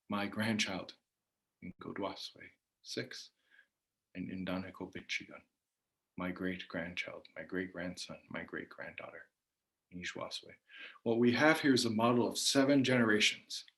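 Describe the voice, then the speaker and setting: A man giving a measured spoken lecture on the meaning of words, often letting phrases trail off softly at the end. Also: on the low side. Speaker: language teacher.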